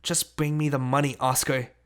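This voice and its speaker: A man voicing a defiant, sharp-tongued teenage runaway girl in an audiobook, bossy and scornful. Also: medium pitch, level tone, moderate pace, smooth, lightly acted. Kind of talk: audiobook character reading.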